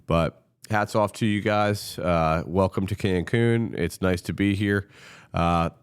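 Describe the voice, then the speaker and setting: A man hosting a sports commentary show, ranting in a heated, sarcastic way and swearing freely. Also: fairly low pitch. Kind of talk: opinionated sports rant.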